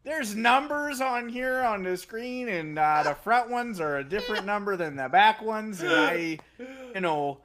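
A man's voice: sits high, expressive, a little slow, a crowd in the background, voice pushed up. A man voicing a clueless, chummy race engineer with a Minnesotan accent. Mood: bumbling.

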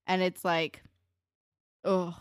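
A woman's voice: on the low side, flat delivery, very slow, clean tone, dry recording, clean studio sound. A young woman in casual chat who vents about a TV character, full of fillers and emphatic swearing. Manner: filler-heavy, profane, emphatic venting. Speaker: podcast co-host.

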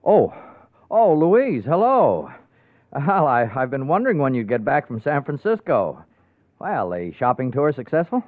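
A man's voice: medium pitch, very animated, measured pace. An actor playing a nervous, stammering man who turns to murder, in 1940s radio acting. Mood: uneasy. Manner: stammering, shifting from nervous to threatening. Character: tense male widower turned killer, nervous and menacing. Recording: thin lo-fi old radio recording.

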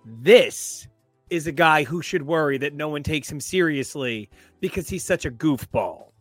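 A man's voice: fairly high pitch, moderate pace, fairly bright tone, no echo, faint music behind. A man co-hosting a comics podcast, casual and jokey, full of puns and playful asides. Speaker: podcast co-host. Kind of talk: casual chat about comics.

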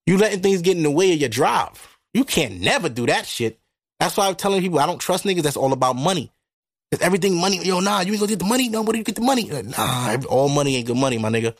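A man hosting a podcast, talking through a casual monologue into a microphone in a blunt, profane, animated way. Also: a little high, breathy edge, no room sound, clean studio sound. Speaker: podcast host. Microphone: studio microphone.

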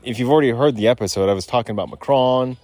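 A man's voice: medium pitch, very fast, a little mellow, no room sound. A man hosting a podcast outdoors, rambling in loose, profane, digressive casual chat. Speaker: podcast host. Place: outdoors on a rural lot.

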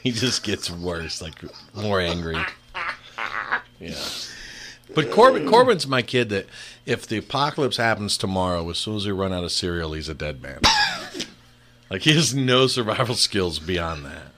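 Lively low-voiced man telling stories. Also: moderate pace, pauses often, background noise. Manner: animated storyteller, laughs often. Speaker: podcast co-host. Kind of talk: casual chat.

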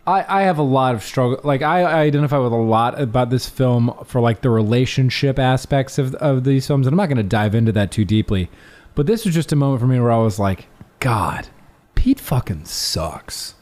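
A man co-hosting a casual movie podcast, speaking reflectively and haltingly, often restarting his sentences. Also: medium pitch, a little mellow. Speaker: podcast co-host. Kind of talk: casual movie recap chat.

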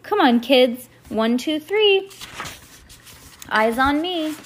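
A woman's voice: sits high, animated, takes it slowly, a little hiss or hum, pitched above the performer's own voice. A woman voicing a cheerful teacher who calls her class to order in a storybook. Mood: coaxing.

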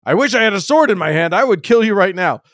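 A man's voice: high voice, expressive, fast, fairly bright tone, dry recording, clean studio sound, voice pushed up. A man doing a short-tempered old prophet. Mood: irritated. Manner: flippant, slangy retelling.

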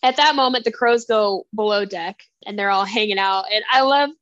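A woman co-hosting a podcast, enthusiastic and excitable in casual chat. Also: medium pitch, moderate pace, no echo, highs cut off. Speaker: podcast co-host.

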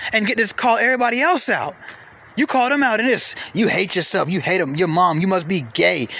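A man rants at full tilt from inside a vehicle, his high, bright voice leaping up and down as he swears and repeats himself. His talk is loose and animated, like an exasperated podcast host. A faint hum of the vehicle stays underneath. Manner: animated, profane, repetitive, with sudden pitch jumps. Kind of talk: casual rant.

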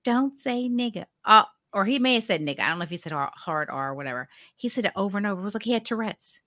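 A woman co-hosting a podcast, chatting casually and telling animated stories with frequent laughter over a video call. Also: mid-range voice, rapid-fire, no room sound, clean studio sound. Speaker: podcast co-host. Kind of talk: casual chat.

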